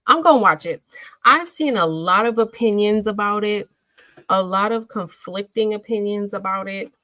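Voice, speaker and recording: A woman hosting a casual livestream, chatting with viewers and answering their comments in an emotional, animated way. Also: on the low side, no room sound, poor audio. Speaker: livestream host.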